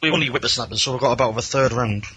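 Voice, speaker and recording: A man's voice: mid-range voice, racing, a crowd in the background. A man with a Geordie accent telling a rambling, self-mocking story as a caller on a radio show, acting out the other people in it. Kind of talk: casual anecdote on a radio phone-in.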